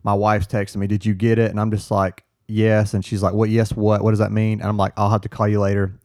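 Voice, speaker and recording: A man's voice: on the low side, monotone, a little mellow, no echo, clean studio sound. Earnest man telling a story. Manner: earnest, halting with restarts, quotes others in dialogue. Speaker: firefighter guest. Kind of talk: casual storytelling chat.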